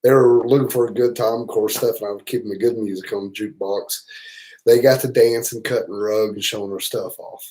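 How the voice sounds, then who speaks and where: A man's voice: fairly low pitch, fairly even intonation, fairly quick, dark tone, poor audio. A man with a Southern US accent, hosting a livestream and spinning rambling, profane, teasing stories in a casual way. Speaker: motorcycle travel channel host.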